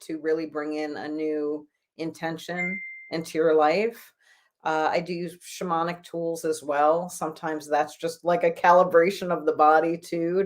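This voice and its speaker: A woman spiritual healer talking in an interview, earnest and encouraging as she reflects on healing. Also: on the low side. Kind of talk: conversational interview.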